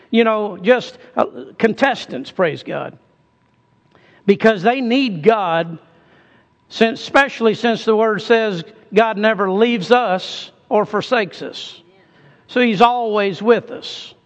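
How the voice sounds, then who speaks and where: A man's voice: high-pitched, big-room sound, lo-fi sound. A man preaching a sermon in a folksy way, calling on his congregation to answer back.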